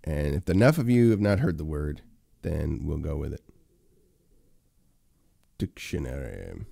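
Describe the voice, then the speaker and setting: A man's voice: rumbling low, expressive, moderate pace, vocal fry, dark tone, no echo. A man hosting a casual solo livestream, rambling with many fillers and talking to his chat viewers. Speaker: livestream host.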